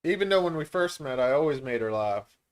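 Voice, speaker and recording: A man's voice: mid-range voice, expressive, fairly quick. Brief: a man from Canada hosting a casual reptile Q&A stream, rambling and self-mocking. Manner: rambling, self-deprecating, many filler words. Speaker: reptile breeder and channel host.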